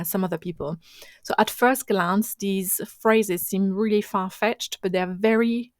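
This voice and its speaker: A woman's voice: medium pitch, dry recording. A woman hosting her own coaching podcast, speaking English as a second language, with an instructive, conversational manner that often restarts mid-phrase. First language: not English. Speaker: podcast host and marketing coach. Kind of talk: solo coaching podcast talk.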